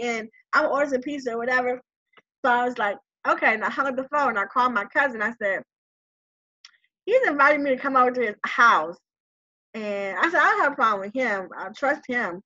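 A woman with a high, bright voice tells a personal story, full of laughter and voiced-out conversations. The sound is a bit muffled and lo-fi. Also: quick pace. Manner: animated, laughing often, acting out quoted voices.

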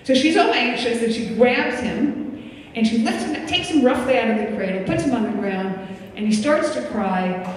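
Older woman shrink giving a talk, higher voice, chatty, picked up from far back in a big echoey hall. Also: expressive, moderate pace, slight background noise. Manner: conversational, acts out quoted parents and children. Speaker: psychiatrist giving a parenting lecture. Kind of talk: lecture to an audience. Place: lecture hall.

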